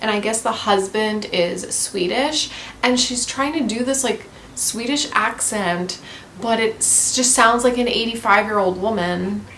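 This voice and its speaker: A woman's voice: medium pitch, measured pace, a bit bright, a little hiss or hum. A woman vlogging book reviews in a casual, blunt way, swearing often and full of fillers.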